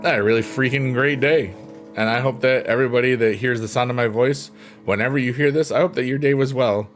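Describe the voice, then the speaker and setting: Casting: upbeat male livestream host, mid-range voice, close mic, soft music underneath. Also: medium pitch, fast. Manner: goofy, upbeat, joking, laughing often. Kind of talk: casual livestream chat. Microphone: close mic, leans in.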